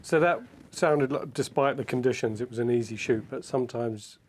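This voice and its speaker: Measured male podcast host. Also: mid-range voice. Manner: measured, thoughtful questioning. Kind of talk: interview questions.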